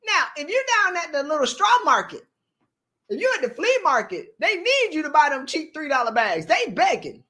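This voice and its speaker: Woman, podcast host, motivational talk, high voice, bright tone, playful and colloquial. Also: huge pitch swings, normal speed.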